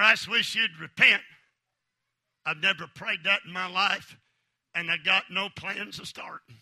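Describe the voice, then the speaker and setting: A man preaching a revival sermon, fervently shouting, swinging between loud bursts and hushed lines, and calling on the congregation for amens. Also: high voice, gravelly, husky.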